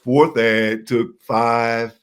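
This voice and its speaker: A man with a deep voice and an American accent, a guest telling animated stories in a casual interview. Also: very slow, clean tone. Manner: animated storyteller who acts out voices.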